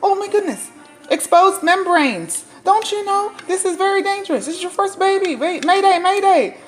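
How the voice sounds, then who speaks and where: A woman doing a frantic, squeaky husband. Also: expressive. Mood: panicked. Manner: frantic, rushing, exclamatory. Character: panicked flustered husband, grown man.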